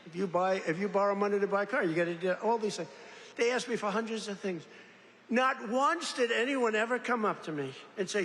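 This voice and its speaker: A man's voice: high-pitched, fairly quick, a bit bright. An older man giving a rambling, boastful off-the-cuff speech at a large political rally, with mocking asides. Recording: reverberant rally hall, faint background noise.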